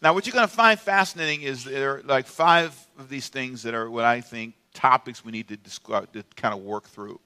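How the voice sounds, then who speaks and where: Playful, bright-voiced male pastor preaching. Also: medium pitch, a little fast, hardly any pauses, smooth. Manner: humorous, playful, audience call-and-response. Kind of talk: sermon.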